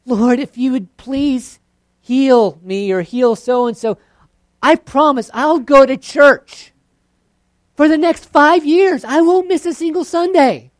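A preacher voicing a desperate person begging God for healing, stammering and pleading louder and higher. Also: slow, no room sound, studio quality. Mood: bargaining. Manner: pleading, stammering, rising loudness.

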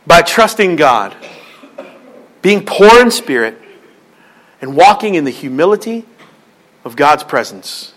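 A male pastor, his voice high for a man and fairly bright, delivers a sermon over a rough recording. He builds his points with repetition and rising emphasis, slipping into quoted voices to tell a joke.

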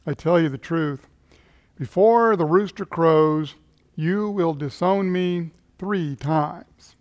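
A man voicing a calm, compassionate teacher, speaking gravely and in a measured way. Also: fairly high pitch, no room sound.

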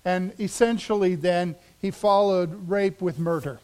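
A man with a high, light voice preaching a sermon from the pulpit. He tells the story with drama, sinking to a near hush for emphasis and then building back up. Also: unhurried. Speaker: pastor.

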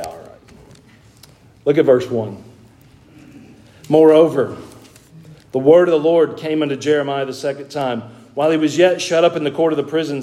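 A man with a Southern US accent, a pastor preaching a sermon to his congregation in church, reading scripture in a slow, measured cadence and then preaching with folksy humor. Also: a little high, warm tone. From American South.

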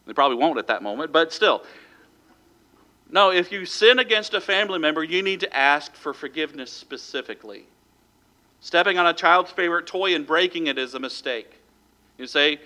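A man's voice: fairly high pitch, expressive, moderate pace, bright, forceful tone. A man preaching a sermon as pastor, talking plainly and acting out quoted voices as he goes.

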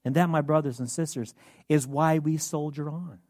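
A man's voice: fairly high pitch, fairly even intonation, moderate pace, a little mellow, dry recording, studio quality. A man preaching a sermon as pastor, earnest and asking rhetorical questions.

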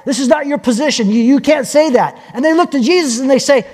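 A man preaching a sermon as pastor, telling stories with lively acted-out voices. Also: very high-pitched, fast talker, few pauses. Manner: animated storytelling, acting out quoted voices. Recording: long hall reverb.

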